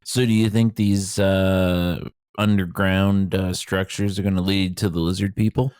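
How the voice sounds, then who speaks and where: Low-voiced laid-back podcast co-host. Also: male voice, level tone, unhurried, darkish tone, clean tone, dry recording, clean studio sound. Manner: laid-back, short agreeing replies. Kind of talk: casual conversation.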